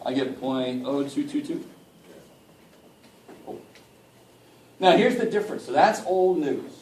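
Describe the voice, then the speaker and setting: Far from the mic in an echoey room, a man with a medium-pitched, darkish, animated voice teaches a college math class a little slowly. The lecture is casual and joking, with mild profanity and many calls for the class's help.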